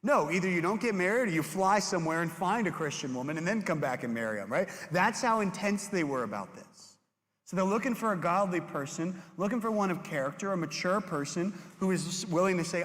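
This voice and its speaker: A young man preaching to middle schoolers as their youth pastor, animated and storytelling, who jumps into high voices for classmates. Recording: hall reverb.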